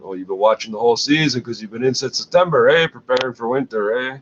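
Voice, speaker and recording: A man's voice: mid-range voice, quick pace, a bit bright. A middle-aged man in a crude, scornful, profane ranting monologue. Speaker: vlogger. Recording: dull lo-fi recording with faint hiss.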